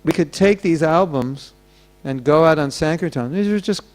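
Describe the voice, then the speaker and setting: A man's voice: fairly high pitch, moderate pace. A man giving a sermon at a temple gathering, telling stories and acting out the voices of the people in them. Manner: storytelling, acting out quoted voices. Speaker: temple speaker.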